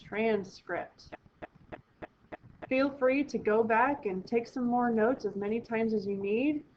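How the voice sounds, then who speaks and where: A woman teaching a recorded vocabulary lesson to students, explaining each word clearly and step by step. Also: a little high, takes it slowly, highs cut off, slight background noise.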